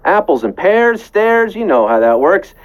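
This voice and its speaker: The high-pitched host of a live trivia game sounds very animated but keeps a measured pace, and the high frequencies are clipped from the audio. Between questions he jokes around, makes puns, and sings short snippets.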